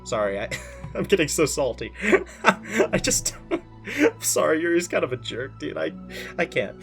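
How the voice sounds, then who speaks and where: A man's voice: fairly high pitch, big pitch swings, measured pace, vocal fry, faint music behind. A man playing a visual novel on his channel, reacting aloud with exasperated outbursts between lines. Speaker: gaming channel host. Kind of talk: reacting while reading a game aloud.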